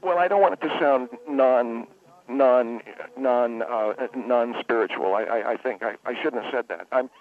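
A man's voice: mid-range voice, measured pace. Rambling man on a tinny phone line. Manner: rambling, stammering, self-correcting. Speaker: spa owner guest on the phone. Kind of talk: comedic radio phone-in. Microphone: telephone.

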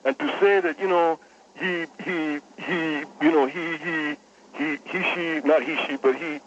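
A man's voice: a little high, steady tone, fairly bright tone, muffled recording, a little hiss or hum. A man playing a polite, stubborn caller. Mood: flustered. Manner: deferential yet stubborn, halting with fillers. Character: earnest polite male caller, adult, indignant music fan.

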